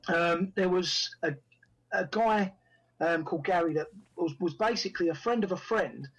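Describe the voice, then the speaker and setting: An actor and writer guest speaks at a normal speed in a high, breathy voice, telling animated anecdotes about acting and voicing the lines others spoke to him in this podcast interview. The recording is rough.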